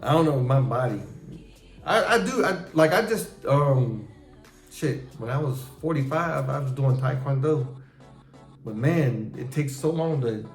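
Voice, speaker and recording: Middle-aged guy host, animated swearing storytime, roomy echo, bit of music behind. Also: medium pitch, a little slow. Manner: animated, profane storytelling, acting out his own past reactions. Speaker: show host talking with his son. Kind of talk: casual storytelling chat. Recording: echoey room with faint music.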